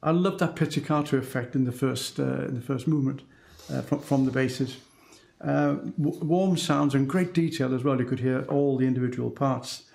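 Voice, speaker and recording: A man's voice: mid-range voice, moderate pace, creaky, a little mellow, reverberant. A man giving thoughtful commentary on a band performance as an adjudicator.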